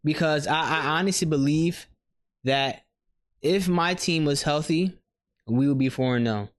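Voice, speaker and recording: A man co-hosting a podcast in casual chat, ranting with loose, animated outrage and plenty of swearing. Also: on the high side, unhurried. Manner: animated, swears freely, rants with mock outrage. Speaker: podcast co-host.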